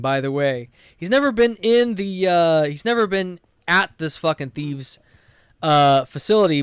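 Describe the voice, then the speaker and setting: Rambling, profane man with a smooth voice. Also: a little high, no room sound. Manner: rambling, profane, self-interrupting. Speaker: streamer and game master. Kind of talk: casual storytelling while gaming.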